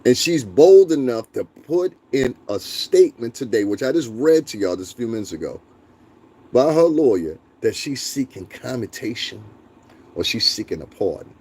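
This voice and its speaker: A man's voice: mid-range voice, big pitch swings, normal speed, a little mellow, slightly rough. Blunt, profane man live-streaming commentary. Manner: blunt, profane, laughs often, talks to chat. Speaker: livestream host.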